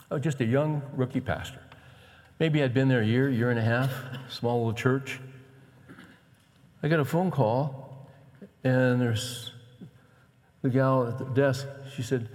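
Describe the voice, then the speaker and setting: A middle-aged male pastor telling a story from the pulpit in a conversational, animated way, acting out the people in it. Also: medium pitch. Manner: conversational, animated retelling with quoted dialogue. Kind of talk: sermon storytelling. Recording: long hall reverb.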